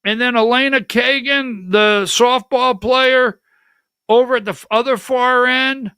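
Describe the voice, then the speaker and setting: A man's voice: very high-pitched, steady tone, measured pace, pushed and bright, clean tone, no echo, clean studio sound. An older man hosting a political talk livestream, rambling from topic to topic in a chatty way and calling out instructions to his producer as he goes. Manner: chatty, jumps between topics, talks to his producer mid-show. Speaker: political talk show host.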